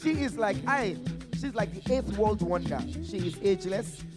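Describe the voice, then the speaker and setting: A high-pitched man with a Nigerian accent emcees a live expo stage, teasing and hyping guests with playful sing-song flair. Music plays clearly behind him. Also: expressive, moderate pace, big-room sound. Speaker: event host. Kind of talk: lively live event emceeing.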